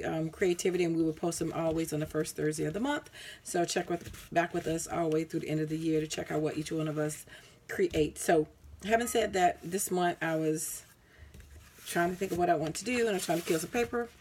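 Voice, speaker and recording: A woman with a low, gravelly voice rambles through a casual craft show-and-tell, often stopping to correct herself. She sounds tired, and a faint hiss sits under the home recording. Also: a little mellow. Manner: rambling, self-correcting, many ums. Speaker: craft vlogger.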